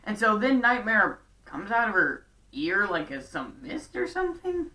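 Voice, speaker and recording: A woman's voice: mid-range voice, wildly swooping pitch, normal speed, sharp tone, far from the mic. A woman giving a casual episode recap with chatty, sarcastic asides. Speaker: show recap vlogger.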